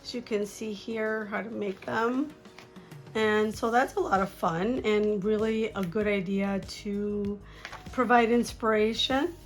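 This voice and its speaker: A woman whose voice is hoarse and strained from a cold talks her viewers through a craft kit in a friendly, chatty way. Her pitch sits in a middle range. Faint music plays softly under her voice. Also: steady tone, measured pace. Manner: chatty, upbeat, with light laughs. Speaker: jewelry-making vlogger. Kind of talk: casual unboxing chat.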